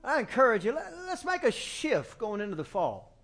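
A man with a strikingly high voice delivers a folksy, animated sermon in a church. He talks into a handheld microphone, and he often acts out bits of talk from his family. Faint music plays behind him. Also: normal speed. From small-town US. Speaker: pastor.

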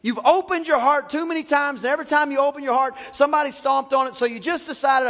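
A male pastor preaches with fervor, breaking into exclamations as he tells the story. His voice sits very high. A long echo from the library room trails every phrase. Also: steady tone, fast, hardly any pauses, a bit bright. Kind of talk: sermon. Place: library used for church.

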